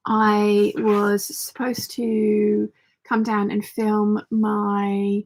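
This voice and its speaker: A woman hosting a casual sewing livestream, chatty and reading viewer comments aloud, her voice slightly croaky. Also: medium pitch, completely flat delivery, extremely slow, a little mellow. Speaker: sewing channel host.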